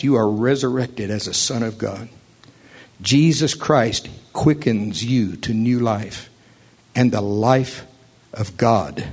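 A man's voice: mid-range voice, darkish tone, breathy edge. Brief: male Bible teacher, earnest, emphatic scripture reading, mid-range voice.

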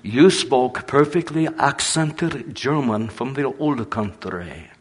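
A man voicing an excited, insistent woman in a high falsetto while telling a story in a sermon. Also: slow, slightly rough. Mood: amazed. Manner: high eager falsetto questioning.

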